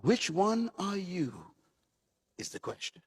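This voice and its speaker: A man's voice: high-pitched, big pitch swings, slow pace, a little mellow, breathy edge, in a large hall. A man preaching a sermon as a pastor, delivering short punchy phrases and telling stories to his congregation.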